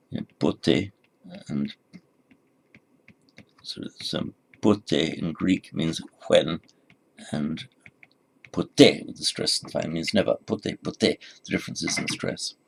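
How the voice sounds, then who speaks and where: A man teaching a recorded class, speaking in a halting way with frequent repeated words and fillers. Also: low-pitched, creaky. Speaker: Sanskrit teacher. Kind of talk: recorded lecture.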